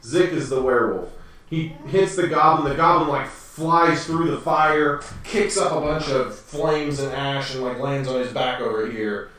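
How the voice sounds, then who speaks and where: A man's voice: mid-range voice, measured pace, a bit bright. A man narrating a tabletop game as game master for his children, rambling with lots of fillers and restarts. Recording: echoey room from far off.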